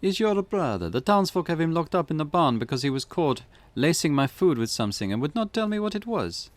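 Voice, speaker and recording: A man voicing an anxious young pregnant village wife in a put-on Eastern European accent, high-pitched and pleading, scolding and insistent. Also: very animated, a little fast, no room sound. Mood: distressed.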